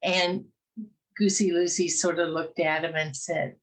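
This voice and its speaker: A woman telling a children's fairy tale in a casual, gentle way, pausing often with "uh". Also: sits low, little pitch movement, low-quality recording. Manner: gentle, many "uh" pauses. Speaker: storyteller. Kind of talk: casual storytelling, reading a fairy tale aloud.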